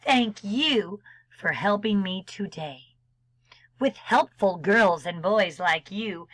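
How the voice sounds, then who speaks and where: A woman librarian reading a storybook aloud to children, expressive and unhurried, dropping into soft whispers now and then. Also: mid-range voice, no echo, poor audio.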